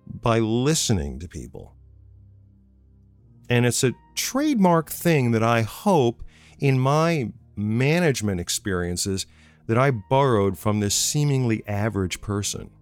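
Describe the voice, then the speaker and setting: A man's voice: medium pitch, sing-song, slow pace, clean tone, soft background music. A man who once ran radio programming, telling a personal story in a conversational way and repeating phrases for emphasis. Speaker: former radio programming manager.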